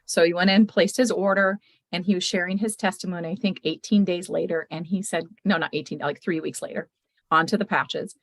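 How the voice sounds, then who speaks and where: A woman hosting a casual chat, telling customer stories with lively retold quotes. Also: fairly low pitch, brisk, dry recording. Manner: animated storytelling, retells others' words.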